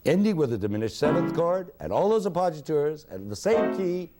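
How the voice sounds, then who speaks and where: A man giving a university music lecture in a hall, expressive and singing examples at the piano. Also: a little high, fairly quick.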